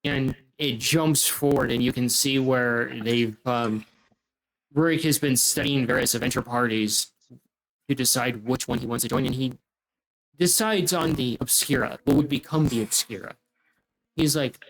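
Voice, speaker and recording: A man narrating as game master of a tabletop game, pausing often with fillers. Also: mid-range voice, vocal fry, a bit bright, rough recording. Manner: halting, many fillers.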